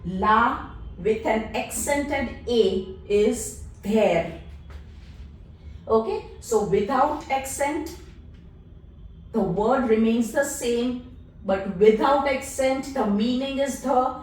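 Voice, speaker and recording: A woman language teacher patiently explaining letters and sounds in a slow, deliberate lesson. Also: a little high, distant mic. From India. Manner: patient, spells out letters one at a time. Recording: echoey room, voice off-mic.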